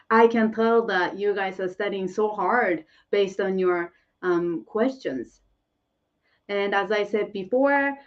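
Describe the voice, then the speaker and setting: A woman's voice: mid-range voice, recorded from a distance, highs cut off. A woman whose first language is Korean, teaching a live online lesson and answering viewer questions, laughing often and repeating phrases.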